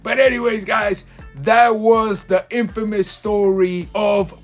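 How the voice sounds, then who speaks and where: Young guy telling a funny story, hyped and slangy, cusses a lot, a bit high, faint music behind. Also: slow pace. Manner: animated, slangy, swearing. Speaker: storyteller host. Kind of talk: casual comedic storytelling.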